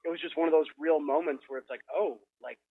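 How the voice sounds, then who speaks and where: A man from Minnesota tells a story in a casual podcast chat, his voice pitched a touch high. He talks animatedly and leans on "like" as he goes. The audio has a broadcast radio feel. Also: fast talker, husky, narrow, tinny audio. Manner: animated storyteller, lots of "like" fillers. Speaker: guest filmmaker.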